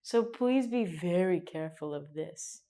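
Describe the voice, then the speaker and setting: A woman's voice: lowish voice, animated, a little slow. Playful Canadian woman teaching English. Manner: playful, jokey, acts out mini scenes with sudden loud and hushed bits. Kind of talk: casual online English lesson.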